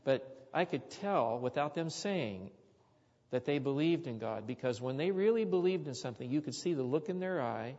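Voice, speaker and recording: An earnest man preaches, weaving a childhood story into his sermon with thoughtful pauses and restarts. His voice carries a long reverb from a large hall, and the recording is slightly dull and lo-fi. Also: medium pitch, animated, darkish tone.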